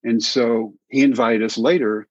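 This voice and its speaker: Husky middle-aged man telling stories. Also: mid-range voice, measured pace, no room sound. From Texas. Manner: animated anecdotes, acts out quoted voices. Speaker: interview guest, former pitcher. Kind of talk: casual storytelling. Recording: slightly dull dry sound.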